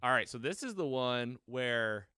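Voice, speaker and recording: A man talking into a close podcast mic, retelling a film's plot in a loose, rambling way, acting out characters' lines as he goes. His voice is smooth and resonant, sitting in a middle register, and the sound is dry and close. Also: medium pitch, measured pace, no room sound. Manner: rambling, animated retelling with quoted lines and self-corrections. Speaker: podcast co-host. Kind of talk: casual movie recap chat.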